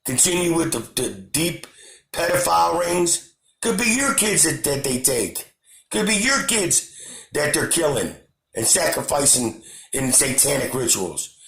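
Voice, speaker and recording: A man's voice: fairly high pitch, expressive, a little slow, gravelly, echoey room. A man hosting his own channel, delivering an impassioned, repetitive political rant to camera. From United States. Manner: impassioned, repetitive, shouting at times. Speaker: channel host.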